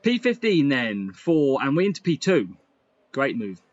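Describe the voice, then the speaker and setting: A man giving lively, excitable commentary over a racing game he is playing. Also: mid-range voice, a little slow, lo-fi sound. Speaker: gaming YouTuber. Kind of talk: gameplay commentary.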